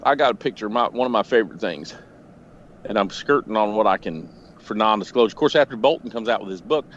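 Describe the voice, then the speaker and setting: A podcast storyteller with a fairly low voice talks a little fast, swearing freely as he rambles through animated retellings. He's calling in from home, and the lo-fi audio has a faint noise floor.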